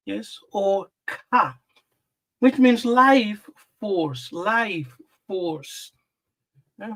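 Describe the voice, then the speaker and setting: Slow, deliberate male Bible teacher. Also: high voice, bright, forceful tone. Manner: slow, deliberate, repeats words for emphasis. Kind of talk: live-streamed scripture lesson.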